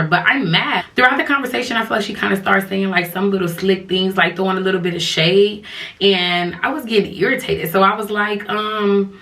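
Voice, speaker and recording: A woman's voice: mid-range voice, brisk, bright, forceful tone, distant mic. A woman casually telling a personal story to her viewers, chatty and full of slang, often turning to them directly. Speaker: storytime vlogger.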